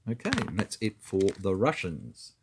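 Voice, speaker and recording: A man's voice: sits low, sing-song, moderate pace, background noise. A man talking through his moves in a tabletop wargame, methodically counting dice and spaces aloud. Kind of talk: talking through a board game turn.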